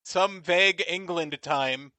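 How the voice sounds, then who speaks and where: A man's voice: high-pitched, takes it slowly, pushed and bright, no echo. A man co-hosting a podcast, recapping a TV episode in casual chat, joking and laughing often. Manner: jokey, laughs often, puts on silly voices. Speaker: podcast co-host.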